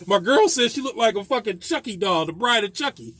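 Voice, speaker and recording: A man's voice: extremely high pitch, expressive, moderate pace, long pauses, a bit bright, no room sound. A man, a landlord, telling a rambling, profane story about a tenant in a casual vlog, laughing often.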